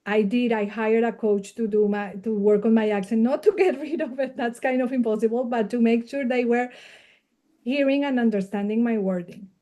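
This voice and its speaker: A woman with a Spanish accent speaks in a somewhat high voice, giving earnest, practical advice as a guest on a casual podcast. She is a non-native English speaker and often laughs as she talks. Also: steady tone, normal speed, mellow. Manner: earnest, advising, laughs readily. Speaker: guest, media coach.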